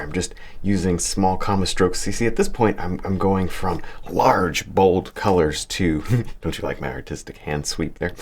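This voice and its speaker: Brief: male painting teacher, very low gravelly voice, easygoing and encouraging, chuckles between steps. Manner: chatty, encouraging, chuckles often, talks while working. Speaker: painting instructor. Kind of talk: relaxed painting tutorial.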